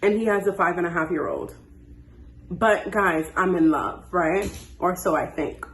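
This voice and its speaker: A woman in her twenties telling a dating story in a casual, animated way and acting out the dialogue. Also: fairly low pitch, a little slow. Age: 20s. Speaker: storytime host. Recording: echoey room.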